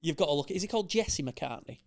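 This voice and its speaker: A man's voice: a little high, lively intonation, fast talker. A man co-hosting a podcast, sceptical and teasing in casual chat. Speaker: podcast co-host.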